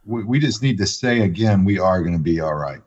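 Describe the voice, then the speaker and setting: Low-voiced pastor guy chatting on a panel, laughs a lot, kinda muffled lo-fi sound. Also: lively intonation, a little fast, a little mellow. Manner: reflective, laughs easily, frank. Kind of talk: conversational panel discussion. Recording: dull lo-fi audio.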